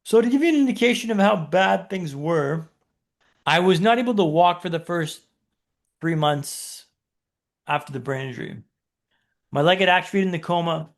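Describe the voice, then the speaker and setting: A man's voice: high voice, lively intonation, normal speed, pauses often. A man, a podcast guest, telling a dramatic personal story in punchy short phrases with rhetorical questions.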